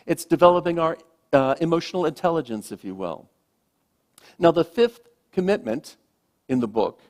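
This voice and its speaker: A man, a minister, giving a gentle, reflective sermon with slow, emphatic pauses, speaking to a congregation in a church. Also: fairly high pitch. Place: church sanctuary.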